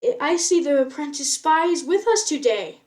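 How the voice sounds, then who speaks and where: Woman doing a sarcastic teenage bully, arrogant, mocking, raised and a bit higher, storybook read-aloud. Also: lively intonation, moderate pace, darkish tone. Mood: sneering. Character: arrogant, sneering teenage boy apprentice warrior.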